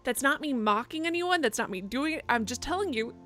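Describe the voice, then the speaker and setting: A woman's voice: high-pitched, expressive, brisk, fairly bright tone, soft background music. A woman streamer chatting and joking casually while playing a video game. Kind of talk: casual let's play commentary.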